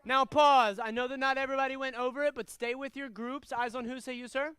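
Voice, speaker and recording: A young man teaching a karate class, switching between loud commands and relaxed, chatty explanations to students. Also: extremely high pitch, a little fast, clean tone, no echo. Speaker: karate instructor. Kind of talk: teaching a live martial arts class.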